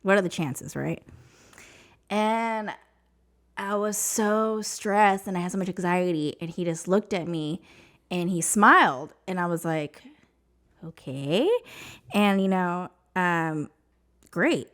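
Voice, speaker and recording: A woman's voice: on the low side, slow pace, long pauses, fairly bright tone. A woman from New Mexico, a podcast guest, telling a personal story in an emotional, chatty way, full of "like" and "you know".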